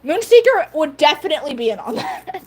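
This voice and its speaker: A woman livestream host chats casually with her viewers, giggly and rambling, with frequent fillers. Her voice is high and somewhat dark in tone, swinging widely in pitch, and she talks a little fast.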